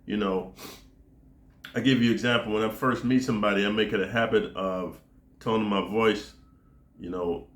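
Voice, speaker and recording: A man's voice: lowish voice, fairly even intonation, moderate pace, long pauses. American dude talking to camera, keeps saying man and dude, swears a lot, echoey room. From United States. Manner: rambling, profane, peppers speech with dude and man. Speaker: vlogger. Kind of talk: casual to-camera monologue.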